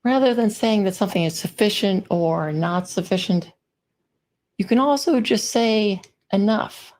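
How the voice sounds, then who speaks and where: A woman speaking at an unhurried pace, taking her time over each point. She gives a friendly, informal conference talk with example sentences. Her pitch sits in the middle of the range. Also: darkish tone. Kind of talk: presentation talk on writing.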